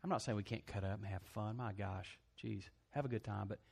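A pastor preaches a sermon in call-and-response style, asking his congregation for amens and joking as he acts out other people's voices. His voice is fairly low, steady, brisk, gravelly, and husky.

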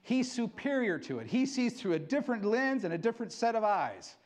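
A middle-aged male pastor giving an excitable sermon, acting out quotes as he preaches. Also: very high voice, brisk.

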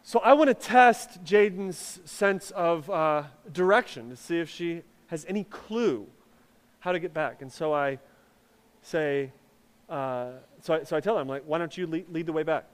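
A man's voice: on the high side, expressive, unhurried, in a large hall. A man preaching a sermon, telling a personal story in a conversational way with many fillers and restarts. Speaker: pastor.

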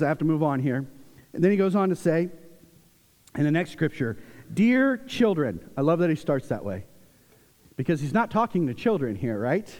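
Animated pastor with a slightly high voice. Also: male voice. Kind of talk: sermon. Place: church sanctuary. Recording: long reverb from a church hall.

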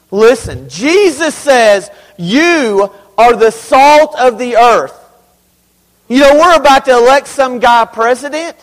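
High-voiced pastor preaching in a reverberant hall. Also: male voice. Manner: emphatic, conversational preaching with asides and humor. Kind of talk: sermon. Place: church sanctuary.

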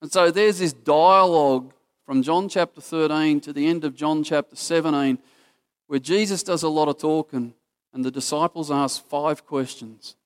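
A man's voice: a little high, normal speed, clean tone. A man with an Australian accent preaching a casual, story-driven sermon that acts out what people in the story say.

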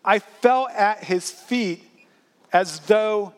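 High-voiced man preaching a sermon. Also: drawn-out words. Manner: earnest preaching with repeated restarts; rises in pitch and volume at emphatic points. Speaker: pastor.

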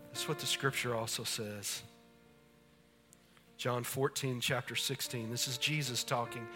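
A man delivers a sermon in a church, his voice bright and forceful. He swings from booming proclamations to near-whispers. Gentle instrumental music plays faintly behind him. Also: steady tone, a little slow. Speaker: pastor. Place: church sanctuary.

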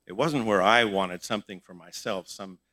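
A man's voice: lowish voice, moderate pace, pushed and bright, no echo. A middle-aged male pastor giving a conversational sermon in church, asking his congregation questions as he teaches.

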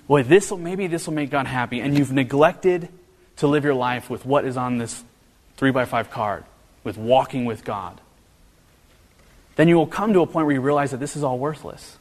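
Man preaching in a reverberant hall. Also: normal speed. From American Midwest. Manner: earnest, storytelling with humor, pitch rising when animated. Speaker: pastor. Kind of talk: sermon.

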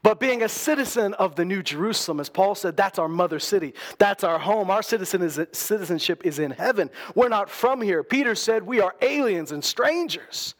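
High-voiced man preaching a conversational sermon. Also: lively intonation, fairly quick, hardly any pauses. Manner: conversational preaching with restarts and acted quotes. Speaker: pastor.

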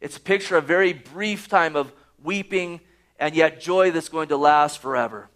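A man's voice: on the high side, moderate pace, a bit bright. A man preaching a sermon, reading scripture aloud and pressing his points with rising emphasis. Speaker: pastor.

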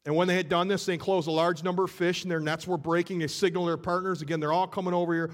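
A man's voice: sits high, little pitch movement, very fast. A man preaching a sermon, retelling a scene and acting out the voices in it with shifting energy. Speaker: pastor.

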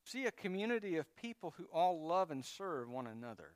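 A man's voice: fairly high pitch, sing-song, brisk, no echo, studio quality. A man preaching a sermon in a conversational way, with asides and prompts to the congregation. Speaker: pastor.

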